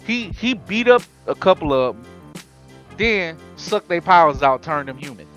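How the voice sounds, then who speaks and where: A man hosting a casual anime podcast, telling it in an animated, slangy way with frequent laughs. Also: on the high side, normal speed, faint music behind. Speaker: podcast host.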